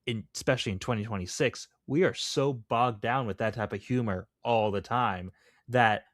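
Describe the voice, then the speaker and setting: A man's voice: mid-range voice, no room sound, clean studio sound. A man co-hosting a podcast, chatting casually and with opinions about a film, full of fillers. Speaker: podcast co-host.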